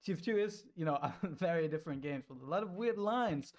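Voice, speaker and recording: A man's voice: a little high, animated, brisk. A man moderating a fan panel, upbeat and laughing between questions. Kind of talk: casual panel chat.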